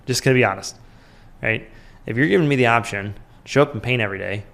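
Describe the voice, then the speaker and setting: A man's voice: mid-range voice, fairly quick, gravelly, a bit bright. A man in his thirties, a podcast host, giving casual business advice in a conversational way, full of fillers and "right?" checks.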